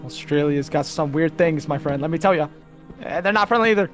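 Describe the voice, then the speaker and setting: A man chatting nervously and jokily while gaming with friends. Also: on the high side. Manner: nervous, jokey, quick to bail. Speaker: gamer. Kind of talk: casual gaming chat. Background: game music.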